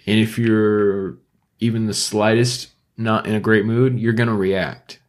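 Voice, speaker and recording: A young man with a fairly low voice co-hosts a casual podcast chat. He tells his story in an animated, swearing way and breaks into short laughs. His speech is loose and conversational. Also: unhurried. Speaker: podcast co-host.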